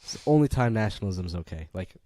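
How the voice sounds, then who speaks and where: A young man co-hosts a casual chat podcast, swearing freely and jumping into excited bursts. His voice is low and dark. The sound is dry and close. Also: quick pace, no room sound. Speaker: podcast co-host.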